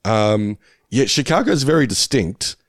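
Male co-host, very deep, laid-back and jokey, dry sound. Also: measured pace, dry recording. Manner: relaxed, rambling, jokey. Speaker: podcast co-host. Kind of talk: casual podcast chat.

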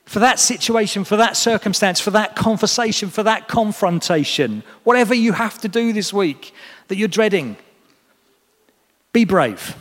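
An earnest man delivers a sermon with a slightly high-pitched voice, urging his listeners on with warmth of purpose. His words ring out with the long, lingering reverb of a church hall. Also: animated, normal speed. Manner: earnest, encouraging address to a congregation. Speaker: preacher.

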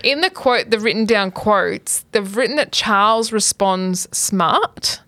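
A woman's voice: mid-range voice, unhurried, dry recording. A woman co-hosting a podcast, chatting casually about a TV episode with short, easygoing remarks. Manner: relaxed, brief remarks and reactions. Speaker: podcast co-host. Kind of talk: casual chat recapping a TV episode.

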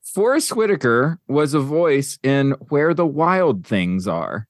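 A man hosting a podcast in a casual chat, his pitch swinging widely as he rambles through a countdown. He leans on fillers and eager asides. The sound is close and dry, with no room around it. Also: big pitch swings, takes it slowly, no echo. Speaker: podcast host.

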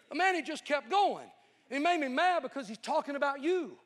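High-voiced preacher in a reverberant hall. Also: male voice, fairly quick. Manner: animated, folksy, joking. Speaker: evangelist preacher. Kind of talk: sermon storytelling. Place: large hall with audience.

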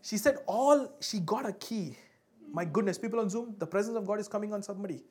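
A woman's voice: mid-range voice, fast, darkish tone. A woman preaching a sermon with call and response, fervent and building, breaking into speaking in tongues.

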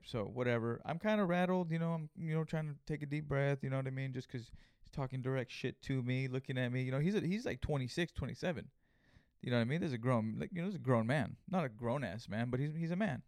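A man's voice: medium pitch, quick pace, darkish tone, no room sound. A man hosting a solo podcast, telling a story in a rambling, casual way full of fillers. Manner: rambling, filler-heavy, conversational. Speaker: podcast host.

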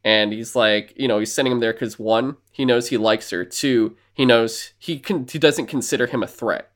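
A man's voice: mid-range voice, moderate pace, a bit bright. Casual, profane man recapping a film. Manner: rambling, profane, acts out characters' lines. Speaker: podcast co-host.

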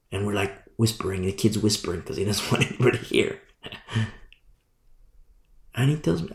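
A man preaching a sermon as pastor, swinging from hushed near-whispers to loud emphatic lines. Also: medium pitch, creaky, roomy sound. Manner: preaching with sudden drops to a hush and rises to loud emphasis.

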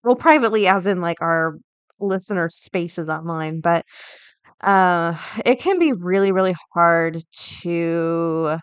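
A woman's voice: lowish voice, slow, clear, resonant tone, no echo. Chatty woman podcast host, dry close sound. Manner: chatty, thinks aloud with many fillers and restarts. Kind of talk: casual podcast commentary.

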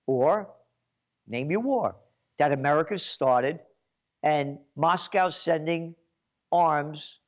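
Guy ranting on his show, slow and fired up, voice a bit high, muffled lo-fi sound. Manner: indignant, repetitive. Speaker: commentator. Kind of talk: ranting political commentary.

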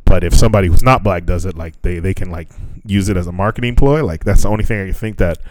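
A man's voice: deep voice, quick pace, darkish tone, no echo. A man co-hosting a podcast in loose, casual chat, swearing freely and laughing often. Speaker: podcast co-host.

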